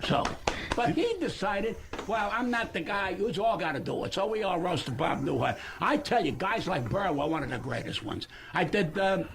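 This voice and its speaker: A man's voice: high voice, moderate pace, gravelly. A man in his seventies, a comedian guest on a radio show, telling stories in a brash, profane, lecturing way. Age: 70s. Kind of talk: radio interview storytelling. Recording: archived radio clip with steady hiss.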